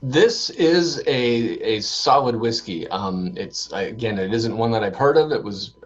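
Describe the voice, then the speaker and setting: A man's voice: lowish voice, animated, measured pace. A man co-hosting a casual drinks podcast, hesitant with many ums and dry quips. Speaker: podcast co-host. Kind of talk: casual chat. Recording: dull lo-fi audio.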